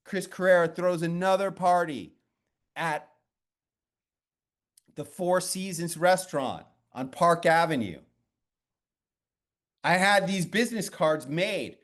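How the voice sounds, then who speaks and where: A man with a fairly high voice coaches a guest on how to use her TV clips. He is blunt and animated and drops casual swear words into a long story about his past. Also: takes it slowly, pauses often. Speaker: media coach.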